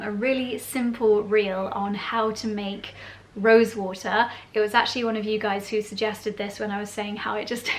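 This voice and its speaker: A woman's voice: mid-range voice, slight background noise. A woman chatting casually to the camera in a vlog, bubbly and easygoing, laughing now and then as she talks. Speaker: lifestyle vlogger.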